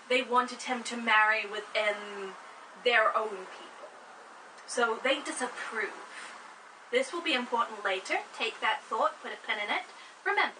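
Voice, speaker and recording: A woman hosting, retelling an old story in a casual, wry and animated way. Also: on the high side, recorded from a distance, noisy background. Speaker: host.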